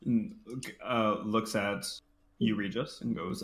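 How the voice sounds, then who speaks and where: A man narrating a tabletop game as game master, pausing often with ums and uhs. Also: on the low side, steady tone, echoey room. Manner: hesitant, many ums and uhs. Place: home room, online game.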